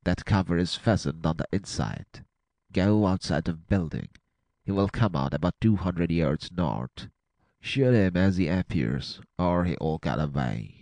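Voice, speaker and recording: A man puts on a badly wounded middle-aged man for a storybook reading, pushing out faint, labored words. The voice is deep and gravelly, recorded dry and close. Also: expressive, a little slow, mellow, no room sound. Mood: pleading.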